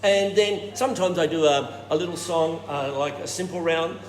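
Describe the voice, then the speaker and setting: A man leading a choir warm-up workshop, explaining technique and showing it with hums and falsetto sounds. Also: normal speed. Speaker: choir director. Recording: roomy hall with reverb and noise.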